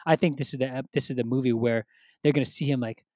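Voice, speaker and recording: A man's voice: medium pitch, fairly even intonation, fast talker, darkish tone, no echo. A man co-hosting a casual podcast chat, rambling with many fillers and acting out quotes. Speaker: podcast co-host.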